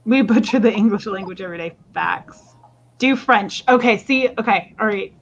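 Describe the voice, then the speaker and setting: A woman's voice: mid-range voice, normal speed, muffled recording, slight background noise. A woman hosting a live stream auction of stones, chatting casually and laughing often. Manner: chatty, laughs often, jokes about accents.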